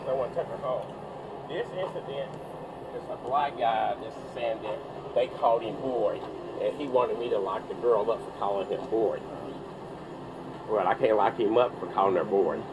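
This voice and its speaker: A police officer who is a man, briefing a colleague in a halting, rambling way. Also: fairly low pitch, noisy background. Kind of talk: informal briefing. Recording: body cam audio in a car.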